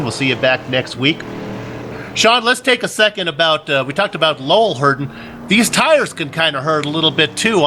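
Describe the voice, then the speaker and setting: A man with a slightly higher voice doing conversational sim racing commentary and asking his partner questions. Steady noise sits clearly under his voice. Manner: conversational, asks co-host questions. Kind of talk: race broadcast commentary.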